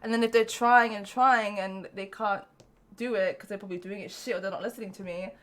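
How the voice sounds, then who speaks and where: A woman's voice: medium pitch, steady tone, fairly quick. A young woman co-hosting a podcast, telling frank stories in casual chat with plenty of swearing and laughter. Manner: blunt, profane, laughing storyteller. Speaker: podcast co-host.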